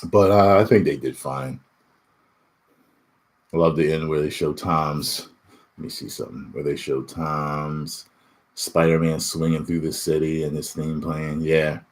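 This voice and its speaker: A YouTube reviewer with a slightly slow bass voice chats casually about spoilers, reading viewers' questions aloud. He's animated and laughs a lot, swinging between loud remarks and muttering.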